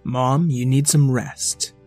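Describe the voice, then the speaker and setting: Brief: narrator playing a bright, earnest kid trying to convince grown-ups. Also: medium pitch, steady tone, takes it slowly, soft background music. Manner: earnest, pleading. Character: earnest, clever boy.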